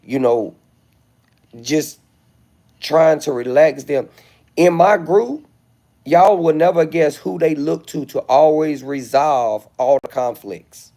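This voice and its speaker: A man's voice: on the high side, slow pace, vocal fry, warm tone. A middle-aged man, rambling self-assuredly in a casual livestream monologue, with flashes of indignation. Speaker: livestream host.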